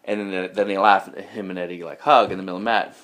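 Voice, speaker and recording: A man, a comedian guest in a casual podcast chat, telling animated stories and acting out other people. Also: low voice, quick pace. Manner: animated storytelling, acts out other people with raised voice.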